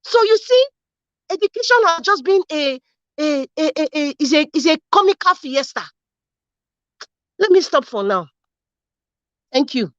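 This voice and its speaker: Fiery high-voiced Nigerian woman ranting. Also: big pitch swings, unhurried, pauses often, no room sound. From Edo State, Nigeria. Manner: angry, fiery, repeats herself with many rhetorical questions. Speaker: political commentary host. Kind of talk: impassioned political rant. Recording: dull lo-fi sound.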